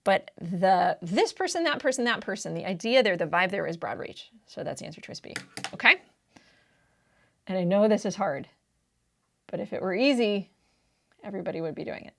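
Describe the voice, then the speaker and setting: A woman's voice: mid-range voice, creaky, a bit bright. A woman tutoring test preparation, walking through reading answers in a casual, emphatic way and often checking in with the listener. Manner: emphatic, keeps checking in with "right?"; casual, slangy teaching talk.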